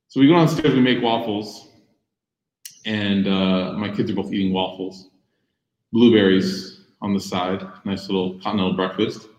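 A young man giving a sermon, telling personal stories lively and acting out the voices in quotes. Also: on the low side, normal speed. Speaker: Muslim speaker giving a talk. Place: room with audience. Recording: echoey room.

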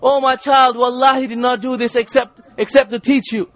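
A loving mother calls her child back in a raised, pleading voice, as a man preaching puts her on. The voice is very high-pitched for a man. It is a voice acted out inside a sermon story. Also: steady tone, moderate pace, fairly bright tone, no room sound. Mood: tender pleading.

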